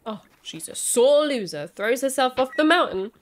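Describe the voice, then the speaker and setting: A young woman giving excitable let's-play commentary, squealing, panicking and repeating herself as she plays. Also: high-pitched, normal speed, a little hiss or hum. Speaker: gaming YouTuber.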